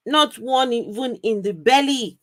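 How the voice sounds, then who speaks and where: A woman co-hosting a live stream, chatting casually with an animated, incredulous manner and frequent laughter. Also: on the high side, unhurried, dry recording, studio quality. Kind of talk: casual chat reacting to a video. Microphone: streaming microphone.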